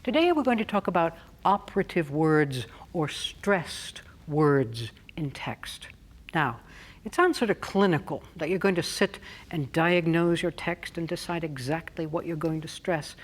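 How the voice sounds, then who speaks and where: A woman voice coach giving a clear, deliberate spoken lesson on stressing words. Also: lowish voice, animated.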